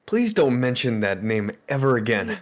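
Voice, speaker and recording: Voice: mid-range voice, big pitch swings, normal speed, natural voice. A streamer reading a nervous young male defense lawyer, stammering and flustered. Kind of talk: reading game dialogue on a livestream.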